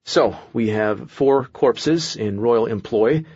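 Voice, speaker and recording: A man's voice: medium pitch, takes it slowly, a little mellow, breathy edge, no echo, lo-fi sound. A man voicing an anxious young man in an audiobook, nervous and rambling as he talks.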